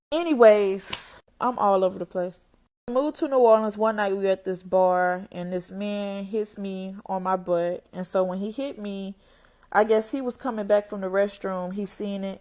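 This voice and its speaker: A young adult woman telling a personal story on camera in a candid, blunt, profane and emotional way. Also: mid-range voice. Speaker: vlogger.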